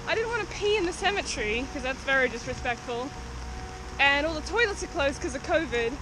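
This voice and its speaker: A woman's voice: sits high, animated, a little fast, background noise. A woman vlogging as she explores an overgrown cemetery outdoors in the rain, chatty and exclamatory, talking straight to her viewers. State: out of breath while walking. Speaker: cryptid-hunting vlogger. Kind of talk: casual vlog commentary while exploring.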